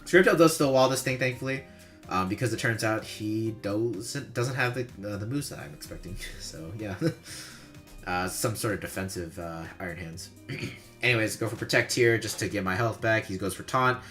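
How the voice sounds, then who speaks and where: Male gamer, low and bright-toned, relaxed rambling play-by-play with frequent chuckles and casual swearing, faint music underneath. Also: normal speed. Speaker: competitive player reviewing his own match replay. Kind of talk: casual gameplay commentary.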